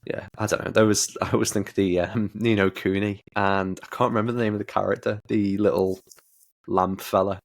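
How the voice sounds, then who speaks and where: A man's voice: on the low side, fairly quick, creaky, dry recording, clean studio sound. A man hosting a casual gaming podcast, talking bluntly with plenty of swearing. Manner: blunt, swears a lot, animated rants. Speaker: podcast host.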